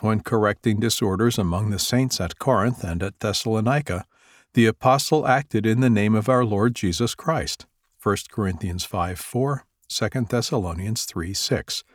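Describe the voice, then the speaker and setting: A man's voice: on the low side, no room sound, clean studio sound. Man reading an old devotional text. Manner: measured, formal reading with scripture citations. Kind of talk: read devotional text aloud.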